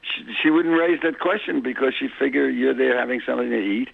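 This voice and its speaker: A man's voice: medium pitch, fairly quick, vocal fry, breathy edge, no room sound. A man with a New York accent, a cab driver calling in to a radio show, chatty and boastful about his city. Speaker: phone-in guest, cab driver. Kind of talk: phone-in radio chat. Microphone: telephone. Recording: tinny phone line.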